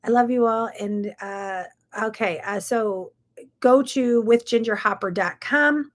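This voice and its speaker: A woman's voice: a little high, measured pace. A middle-aged woman, hosting a chatty, folksy morning talk show. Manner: chatty, folksy, says y'all. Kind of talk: casual chat.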